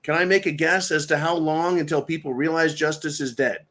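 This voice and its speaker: A man's voice: on the high side, fairly even intonation, brisk, a bit bright. A man hosting a political livestream in a ranting, mocking way with crude insults. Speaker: livestream host.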